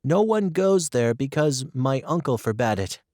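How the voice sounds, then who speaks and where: A man voicing a timid, excitable young girl in a storybook reading, eager and pleading. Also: medium pitch, a little slow, no echo, studio quality, voice pushed up.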